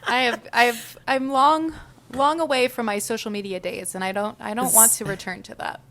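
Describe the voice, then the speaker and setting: A young woman talking casually on a podcast in a mid-range voice. She teases with dry, deadpan quips and answers in quick, easy bursts. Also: fairly high pitch. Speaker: podcast co-host. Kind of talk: casual chat.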